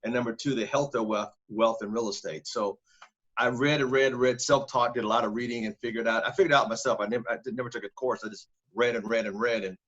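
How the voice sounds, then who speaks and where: A man from Northern California with a husky, grainy voice tells his life story as a podcast guest. He leans hard on words and repeats them for stress. The audio sounds dull and lo-fi. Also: medium pitch, steady tone, fast, fairly bright tone.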